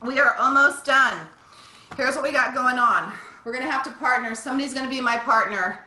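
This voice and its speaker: Bright-voiced woman coaching a workout. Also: high-pitched, brisk, a little hiss or hum. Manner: upbeat, encouraging, counts down reps. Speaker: fitness instructor. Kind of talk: leading a live online workout class. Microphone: video call. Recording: echoey room, distant from mic.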